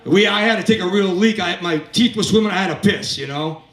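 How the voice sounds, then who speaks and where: A man's voice: high voice, a little fast, fairly bright tone. A man in his fifties doing a stand-up set in a comedy club, telling crude, rambling stories and working the crowd. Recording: echoey club, from a distance.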